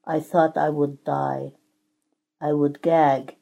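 A woman's voice: low voice, little pitch movement, slow pace, creaky, dark tone, full character voice. A woman voicing a suffering clay teacup that pleads and cries out as it is shaped, in a sermon story. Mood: anguished. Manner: pleading, crying out.

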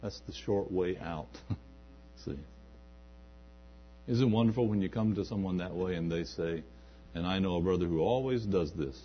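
A man's voice: sits low, moderate pace, long pauses, a little hiss or hum. A man preaching a sermon in a church, building to emphatic peaks and acting out quoted asides. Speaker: pastor. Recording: dull lo-fi recording.

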